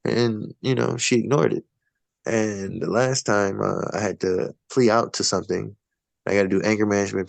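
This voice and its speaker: Gravelly man telling a story. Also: on the low side, no room sound. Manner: indignant, rambling retelling. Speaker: stand-up comedian guest. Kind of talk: casual storytelling in conversation. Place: Los Angeles.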